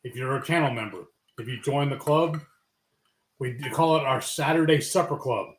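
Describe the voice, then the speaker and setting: A man's voice: medium pitch, normal speed. A man co-hosting a live cooking stream, explaining things in a rambling way with lots of fillers. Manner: rambling, searching for words with fillers. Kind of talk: casual live-stream chat. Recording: echoey room.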